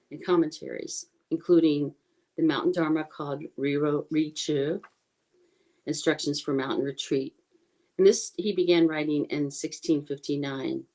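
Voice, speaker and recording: A woman with a low, soft, mellow voice talks through a teacher's life in an informal online dharma talk. She is earnest and a little apologetic and corrects herself as she goes. It sounds like a computer mic. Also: low-quality recording. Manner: chants prayer slowly in Tibetan.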